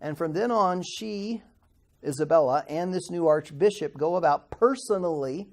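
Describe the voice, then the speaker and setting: A middle-aged Bible institute teacher, speaking at a moderate pace in a voice on the high side, delivers a history lecture to his class. His approach is conversational, with questions for students and stumbles over hard words.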